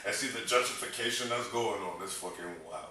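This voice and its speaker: A man's voice: fairly low pitch, brisk, bright, forceful tone, a little hiss or hum. A man from Massachusetts co-hosting a casual podcast as a comedian, blunt and opinionated, swearing a lot. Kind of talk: casual chat. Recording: echoey room, distant mic.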